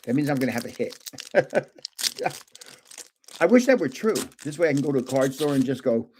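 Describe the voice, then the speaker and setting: A man's voice: mid-range voice, lively intonation, normal speed, darkish tone, a little hiss or hum. An older man hosting a casual live stream, chatting and joking as he guesses card names aloud. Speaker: livestream host opening trading cards.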